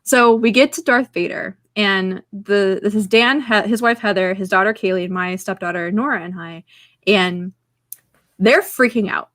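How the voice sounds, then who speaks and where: A woman co-hosting a podcast in casual chat, excitable and chatty, stringing her stories together with lots of "like". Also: mid-range voice, moderate pace, no echo. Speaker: podcast co-host.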